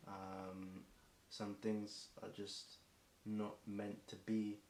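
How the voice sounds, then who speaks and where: A young man with an English accent rhymes off the cuff in a low, monotone voice, stumbling and restarting with plenty of ums. His voice sounds a bit worn and hoarse. He's recorded in an echoey room with a faint hiss behind him. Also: drawn-out words. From England. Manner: rambling, self-correcting, frequent ums and restarts. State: voice getting hoarse. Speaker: streamer performing a marathon song. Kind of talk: improvised rhyming freestyle.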